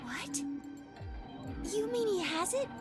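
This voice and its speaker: A woman's voice: very high-pitched, animated, slow, over loud music, pitched above the performer's own voice, full character voice. A woman streamer voicing an urgent, commanding young woman ally from a game. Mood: alarmed. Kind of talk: game dialogue read on stream.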